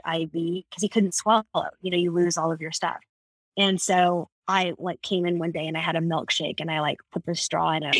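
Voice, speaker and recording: A woman guest on a podcast, telling personal stories in casual conversation, animated and quick to laugh. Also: medium pitch, no echo. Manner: animated storyteller, laughs often.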